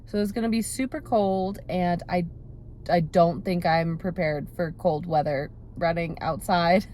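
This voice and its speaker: A woman's voice: fairly low pitch, steady tone, a little slow, mellow, slight background noise. Chatty woman vlogging from her car. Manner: chatty, self-deprecating, rambling with fillers. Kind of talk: casual vlog chat. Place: parked car. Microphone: phone held close.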